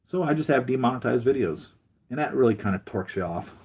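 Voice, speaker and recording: A man's voice: medium pitch, expressive, quick pace, darkish tone, breathy edge. A man hosting his own channel, chatting casually and rambling with many fillers and restarts. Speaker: YouTube channel host. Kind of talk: casual chat.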